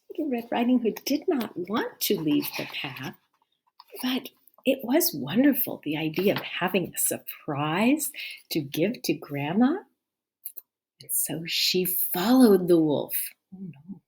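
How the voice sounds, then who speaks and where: A woman reading a children's story aloud, stopping to ask the listening children questions and often dropping to a hush. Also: on the low side, sing-song, takes it slowly.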